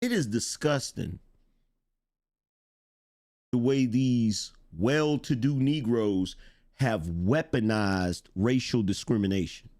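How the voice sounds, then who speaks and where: A man's voice: mid-range voice, slow, long pauses, darkish tone. A middle-aged man hosting a live-stream commentary show, reading viewer chat in a blunt, emphatic way, repeating lines for effect and swearing.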